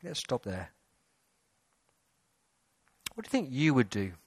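A man's voice: medium pitch, huge pitch swings, slow, breathy edge, dry recording. A man preaching a sermon in a church, asking rhetorical questions and building to emphatic passages. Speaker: pastor. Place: church hall.

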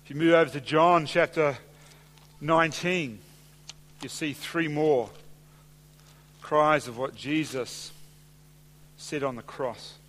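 A man preaching a sermon in a church, measured and deliberate, dropping softer and slower when he quotes scripture. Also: fairly high pitch, a little hiss or hum. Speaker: pastor. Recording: long hall reverb.

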